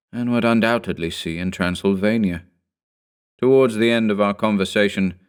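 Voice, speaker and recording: A man giving measured, somber first-person scripted narration of a horror story. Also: fairly low pitch, smooth.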